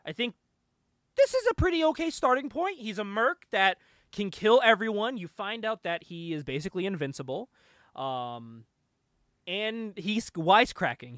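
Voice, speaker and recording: A young man co-hosting a casual comic book podcast, animated and quick to laugh as he recaps issues. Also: high voice, no echo, studio quality. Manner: animated, laughs often, reads comic dialogue aloud. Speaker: podcast co-host.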